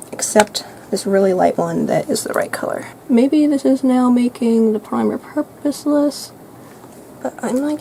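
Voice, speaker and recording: Teenage girl, casual makeup vlog, rambling self-narration, slightly high voice, faint background hiss. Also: creaky, poor audio. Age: teens. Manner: soft, light voice at times. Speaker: vlogger. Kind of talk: chatty makeup get-ready-with-me vlog.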